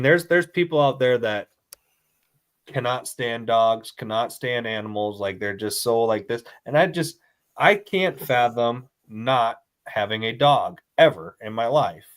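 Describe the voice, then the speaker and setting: A man's voice: mid-range voice, unhurried. A man, co-hosting a casual podcast chat as a dad who leans on 'like' and acts out quotes. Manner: animated, heavy filler 'like', mimics voices in quotes. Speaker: podcast co-host; father.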